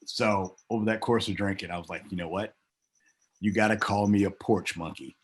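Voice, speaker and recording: A man with a fairly low voice tells a long backstage story in a relaxed interview. He is middle-aged and animated. He jumps high in pitch whenever he acts out what someone else said. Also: normal speed, long pauses, slightly rough. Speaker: guest, former pro wrestler.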